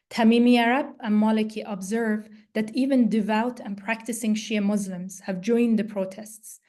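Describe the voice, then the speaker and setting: A woman professor reading an academic lecture in a measured way, her voice going hoarse and her throat often cleared. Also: mid-range voice, dark tone. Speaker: plenary speaker, law professor.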